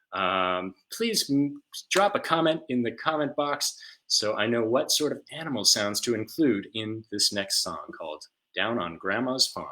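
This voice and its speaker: A man teaching a live music class for small children from home, singing songs and making animal sounds with a ukulele. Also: mid-range voice. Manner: gentle, sings songs and makes animal sounds for young children.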